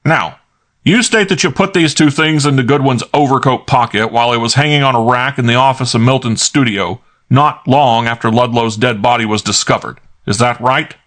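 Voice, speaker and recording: A man voicing a gruff, hot-tempered middle-aged police inspector in an audiobook, clipped and barking. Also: medium pitch, moderate pace, fairly bright tone, pitched above the performer's own voice, natural voice. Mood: interrogating. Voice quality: barking, clipped, jaw-clenched delivery. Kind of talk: audiobook character voice.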